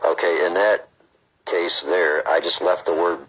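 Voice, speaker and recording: A man's voice: a bass voice, little pitch movement, normal speed, a bit bright, slight background noise, low-quality recording. A man reading a book aloud, breaking off to chat casually and explain his reading choices. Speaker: reader.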